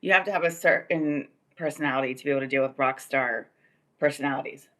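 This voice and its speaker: A woman's voice: very deep voice, fast, fairly bright tone. A woman hosting a casual livestream, telling a long personal story in a rambling way, full of "like" and "um". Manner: rambling, filler-heavy, many "like" and "um". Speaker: livestream host. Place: Los Angeles area.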